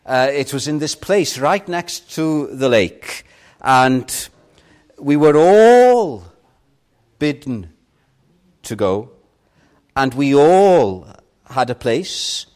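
An older man preaching a sermon with impassioned swings, rising loud on key points and dropping to a hush. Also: medium pitch, sing-song, very slow, pauses often.

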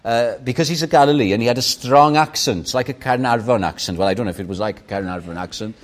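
A man whose first language is Welsh, preaching a Sunday morning sermon as a slow, expressive storyteller who leans hard on key words. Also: medium pitch.

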